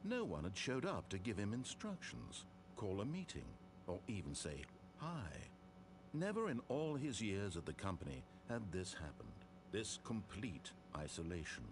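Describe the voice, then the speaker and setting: A man's voice: lowish voice, sing-song, noisy background. An actor playing a wry, all-knowing male game narrator who tells the story in a dry, theatrical way and teases the player. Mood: measured. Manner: dry, mocking, drawn-out storytelling.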